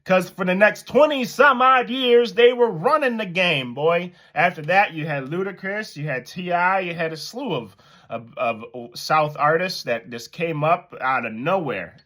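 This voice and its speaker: Animated man telling a hip-hop story. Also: on the high side. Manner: animated, storytelling, laughs at himself. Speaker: host commentator. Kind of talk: casual commentary.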